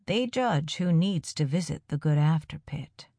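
A woman narrating a first-person story aloud in a calm, measured way. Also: low voice, no room sound, clean studio sound. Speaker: audiobook narrator.

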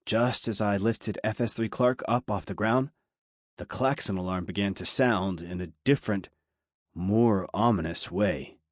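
Low-voiced male audiobook narrator. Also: measured pace, no room sound, studio quality. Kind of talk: scripted narration.

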